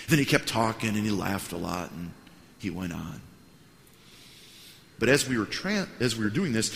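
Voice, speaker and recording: A pastor telling a lively story during a sermon, acting out the other people in it with big, loud voices. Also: male voice, fairly low pitch. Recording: hall reverb.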